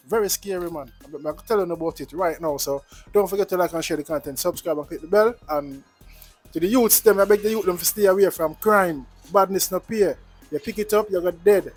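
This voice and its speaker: A man with a Jamaican accent talking casually to his viewers in a vlog, earnest and repetitive, mixing in patois. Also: fairly high pitch. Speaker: vlogger.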